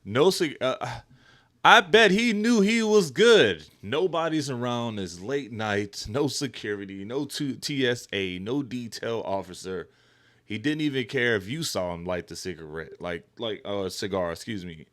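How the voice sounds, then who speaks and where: A middle-aged man hosting a casual talk show, reacting to a guest's story in an animated, loose way. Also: fairly low pitch, moderate pace. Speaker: podcast host. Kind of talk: casual chat.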